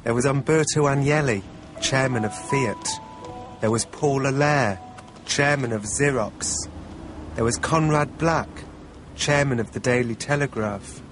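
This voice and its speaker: A man narrating a documentary in the first person, in a wry, measured way. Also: mid-range voice, soft background music.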